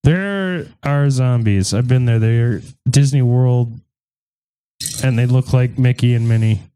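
A man's voice: mid-range voice, measured pace, warm tone, clear, resonant tone. A man hosting a podcast, telling a story in a rambling, irreverent, joking way during a casual chat with friends. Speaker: podcast host.

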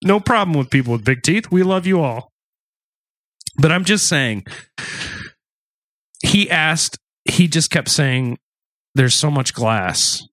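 A man's voice: fairly high pitch, lively intonation, takes it slowly, long pauses, fairly bright tone, no room sound. A man co-hosting a casual true-crime podcast, talking loosely with asides and restarts. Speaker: podcast co-host.

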